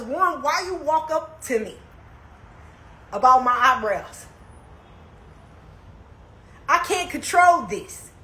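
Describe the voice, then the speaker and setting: A young woman on a live stream, telling a story in casual slang that moves from calm asides to heated outbursts. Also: high-pitched, roomy sound, rough recording.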